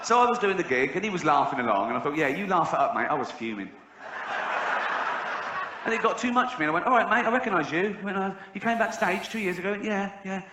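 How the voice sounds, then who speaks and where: English man, stand-up comedian, middle-aged, deadpan then shrieking, reverberant theatre, audience noise behind. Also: fast talker. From England. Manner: deadpan storytelling that bursts into high shrieks when acting out others. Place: large theatre stage before a laughing audience. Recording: roomy hall with audience noise. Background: audience laughter.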